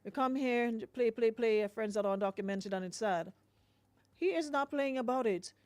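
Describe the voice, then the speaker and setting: A woman hosting a radio talk show, sharing lively opinions in a conversational way. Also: a little high, normal speed, no room sound. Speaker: radio host.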